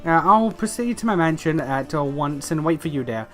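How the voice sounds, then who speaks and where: A man reading the lines of a pompous noble offering a reward, halting on uh fillers, voice slightly high. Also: lively intonation, a bit bright, soft background music. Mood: haughty.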